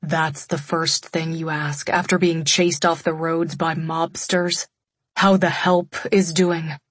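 A powerful husband, curt and used to giving orders, softening now and then, as a woman narrator voices him. The breathy voice sits a touch lower and stays dry and close, a storybook tough man. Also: level tone, slow pace, dry recording, full character voice. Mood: teasing. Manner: curt, commanding. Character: commanding wealthy husband, cold but tender.

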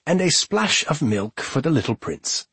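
A man's voice: fairly high pitch, big pitch swings, normal speed, a bit bright, slightly rough, no echo, voice pushed up, exaggerated voice. A man voicing a playful, mocking young woman who cackles and teases in a storybook reading. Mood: teasing.

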